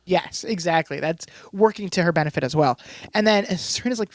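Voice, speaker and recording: A man's voice: a little high, a little fast, dry recording, clean studio sound. A man co-hosting a podcast, recapping an episode in a casual chat and laughing often. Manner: laughs often, lots of fillers and restarts. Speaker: podcast co-host.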